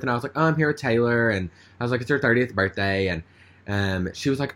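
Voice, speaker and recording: A man's voice: mid-range voice, expressive, a little fast, fairly bright tone. A man telling a story in casual chat, rambling with lots of fillers. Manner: rambling, chatty, with many fillers.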